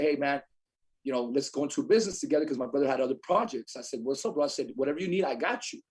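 A young adult man telling a lively story as a podcast guest, acting out what others said. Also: fairly high pitch. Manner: animated storyteller, acts out quotes. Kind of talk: storytelling in casual chat.

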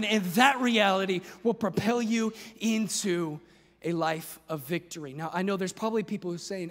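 A man preaching a sermon in a large church hall, with an urgent, impassioned delivery. His voice sits fairly high for a man. Long reverb hangs behind every phrase. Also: moderate pace. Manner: impassioned preaching that rises to shouts. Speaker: pastor.

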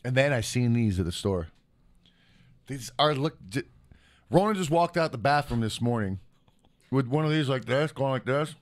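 A middle-aged man from Michigan co-hosts a casual podcast at a studio mic. He talks in loose, rambling bursts, full of swearing and filler words, at an ordinary male pitch. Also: lively intonation, normal speed, long pauses. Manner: profane, rambling storytelling with lots of "like". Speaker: podcast co-host. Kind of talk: casual chat.

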